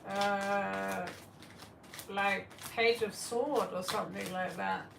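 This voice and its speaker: A woman's voice: mid-range voice, steady tone, slow, creaky, recorded from a distance, background noise. Giggly woman tarot reader, echoey room. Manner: giggly, laughs often. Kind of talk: live-stream chat.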